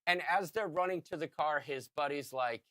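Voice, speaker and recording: A man in his fifties co-hosting a podcast, telling a story in casual chat and shouting out the lines he quotes. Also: a little high, moderate pace, dry recording, studio quality. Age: 50s. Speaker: podcast co-host.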